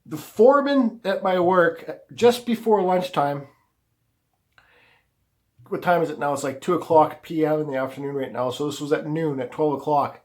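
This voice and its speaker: A man's voice: on the high side, normal speed, darkish tone. A man hosting a woodcarving vlog, talking casually to the camera in a blunt, rambling way and swearing freely. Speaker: woodcarving channel host.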